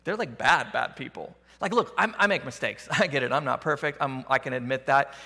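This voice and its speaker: A preacher acting out an indignant bitter prophet. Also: male voice, mid-range voice, a little fast, pushed and bright, long reverb tail, pitched below the performer's own voice. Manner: indignant, pleading, casual slang. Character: bitter resentful prophet, adult man.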